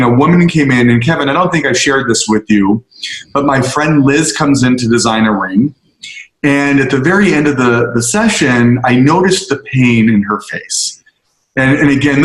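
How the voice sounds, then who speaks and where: A man telling a story to a group in an earnest way, slowing down to stress key moments. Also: medium pitch. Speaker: speaker addressing a group. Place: on location, roomy space. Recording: roomy echo.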